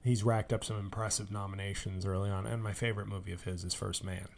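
A man's voice: fairly low pitch, level tone, quick pace, gravelly, darkish tone. A man hosting his own podcast, talking in a rambling, sarcastic way, swearing freely and griping about movies. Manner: sarcastic, rambling, swears freely, mocks actors with put-on voices. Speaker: podcast host. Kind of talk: casual solo podcast monologue.

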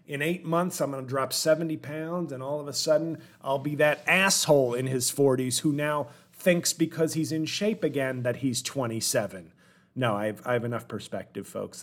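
Man, forties, podcast host, comedic rant, self-mocking, wry, meandering. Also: mid-range voice. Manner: rambling, self-deprecating, wry. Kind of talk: comedic solo monologue.

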